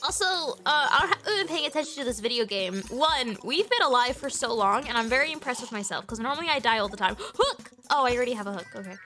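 A woman streaming a video game, chatting casually, excitable and giggly with rambling fillers. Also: fairly high pitch, quick pace, hardly any pauses, faint music behind. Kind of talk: casual gaming livestream chat.

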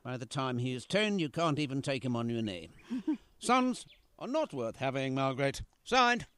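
A man playing a gentle, fond artist father in an amateur radio play, musing in a whimsical, reflective way. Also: medium pitch, big pitch swings, normal speed, clear, resonant tone, no echo. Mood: playful.

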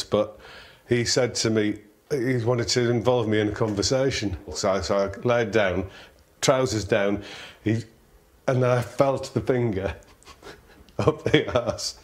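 A middle-aged man telling an anecdote in a wry, matter-of-fact way. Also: on the low side. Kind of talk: casual anecdote.

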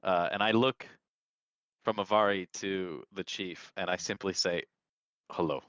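Man player, low pitch, sharp tone, measured delivery, lo-fi recording. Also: fairly even intonation, smooth, no echo. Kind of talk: casual tabletop role-play.

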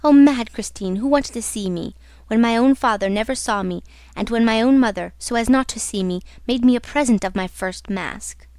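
A disfigured, tormented man of a gothic storybook, mocking one moment and crying out in anguish the next, as a woman reader puts him on. The voice sits fairly high and sounds dry and close. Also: moderate pace, darkish tone, no echo, lightly acted. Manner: alternates mocking taunts with anguished cries. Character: disfigured tormented man, raging and self-pitying. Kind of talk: audiobook reading.

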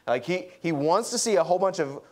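A young adult man preaching a sermon, animated and acting out quotes. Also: fairly quick. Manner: lively, acts out quotes with pitch jumps. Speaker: pastor.

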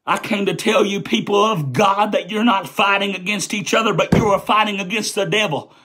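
A man preaching a Pentecostal holiness sermon. His delivery is fervent and repetitive, building up into shouting. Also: high-pitched, fairly quick, husky.

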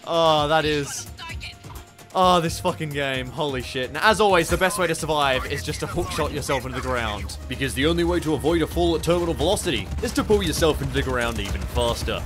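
A young Australian man giving excitable, swear-filled commentary while playing a video game. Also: on the high side, brisk, over music. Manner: excitable, swearing, laughing at chaos. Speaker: gaming YouTuber. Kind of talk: live gameplay commentary.

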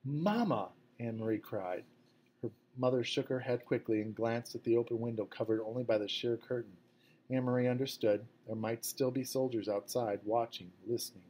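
A man reading a novel aloud at a measured, fairly quiet pace. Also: medium pitch, flat delivery. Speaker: audiobook narrator. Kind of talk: scripted narration.

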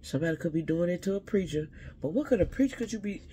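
A man's voice: high-pitched, expressive, fast, dark tone, a little hiss or hum. A man giving a casual spiritual reading to his viewers, rambling and talking straight to them while often second-guessing his own words.

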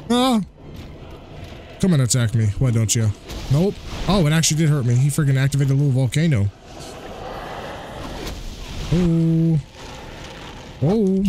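A man hosting a let's play, commentating excitedly and trash-talking the enemies. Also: medium pitch, fast talker, slight background noise. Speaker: gaming channel host. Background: game music.

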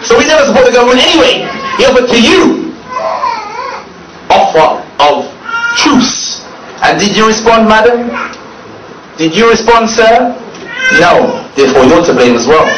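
A man giving a fiery public speech to an audience, mocking and often laughing as he talks, with drawn-out stressed words. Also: high-pitched. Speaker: speaker addressing an audience. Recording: echoey, distant, noisy room recording.

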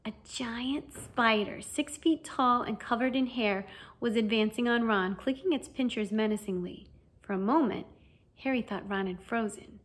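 A woman reading a storybook aloud as an audiobook narrator. Her delivery is lively and expressive, and her voice sits fairly high. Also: moderate pace. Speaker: audiobook reader.

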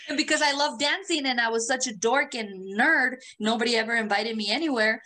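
A woman's voice: fairly high pitch, moderate pace, long pauses. A woman co-hosting a podcast, telling stories in a casual, profane, laugh-filled chat. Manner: animated, profane storytelling with frequent laughter. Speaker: podcast co-host.

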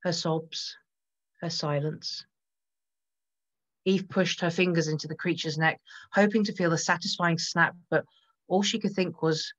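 A woman narrating a gothic horror story in a measured voice that builds tension. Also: on the low side, fairly even intonation, lo-fi sound. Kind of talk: dramatic gothic story reading.

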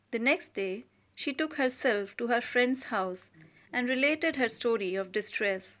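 Audiobook reader: woman, fairly high voice, steady measured story narration. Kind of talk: scripted narration of a short story.

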